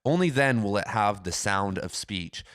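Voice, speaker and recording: A man's voice: on the low side, expressive, moderate pace, a bit bright. A young man hosting a writing channel, talking casually and enthusiastically, rambling and quoting himself. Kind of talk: casual talk to camera.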